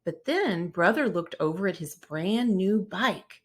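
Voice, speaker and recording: A woman's voice: mid-range voice, lively intonation, a little slow. A woman reading a children's picture book aloud, narrating expressively and voicing the characters. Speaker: storybook read-aloud narrator.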